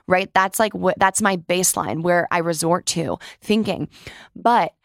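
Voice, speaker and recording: A woman's voice: fairly low pitch, normal speed, fairly bright tone, dry recording, studio quality. A woman hosting her own podcast, talking earnestly and heartfelt straight to her listeners in a reflective monologue. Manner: earnest, heartfelt, speaks to listeners as "you guys". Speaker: podcast host.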